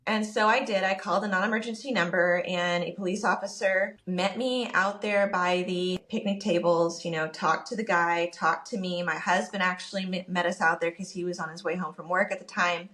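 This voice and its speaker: A woman podcast co-host telling a personal story in casual chat, animated and quick to quote what everyone said. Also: on the low side. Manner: animated, quotes people in her story, rushes when upset.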